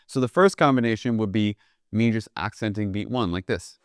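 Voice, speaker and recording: A young man teaching jazz drumming in a relaxed, conversational way, often checking in with "right?" and counting beats aloud as he demonstrates. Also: fairly low pitch, brisk, noisy background. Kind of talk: instructional video lesson.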